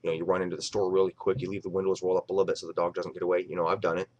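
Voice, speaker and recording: Casual middle-aged male streamer, lowish voice, rambling and profane, talking from home. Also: level tone, racing, a little mellow, dull audio, a little hiss or hum. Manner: rambling, swears freely, acts out quoted voices. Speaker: live stream host. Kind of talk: casual live-stream chat.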